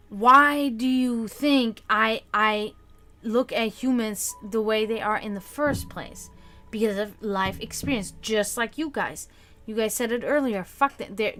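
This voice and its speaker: A woman's voice: a little high, bright, forceful tone. Ranting young woman streamer, swearing freely. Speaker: livestream host. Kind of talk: casual livestream chat.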